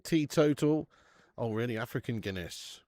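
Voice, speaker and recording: Hosting a live football watch-along, this young British man keeps the stream chat casual, swearing and reading viewers' comments aloud. He has a British English accent and a mellow, expressive mid-range voice at normal speed, with no room sound.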